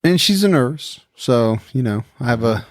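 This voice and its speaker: A man's voice: medium pitch, expressive, normal speed, no room sound, studio quality. A man co-hosting a podcast, chatting in an easygoing way. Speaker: podcast co-host. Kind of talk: casual chat.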